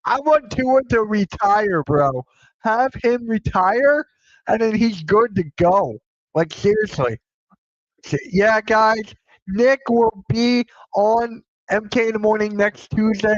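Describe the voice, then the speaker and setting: A young man hosts a casual sports live stream, cursing often and bursting out at breaking news. His voice sits fairly high and he talks at an unhurried pace. The sound is dry and a little dull, like a modest home setup. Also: no room sound. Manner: excitable, swears freely, reacts loudly to news. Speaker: sports show host.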